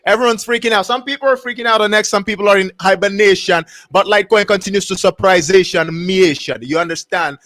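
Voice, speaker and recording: Man, live-stream host, excitable slangy chat, repetitive, very high bright voice. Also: fast talker, hardly any pauses. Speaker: livestream host.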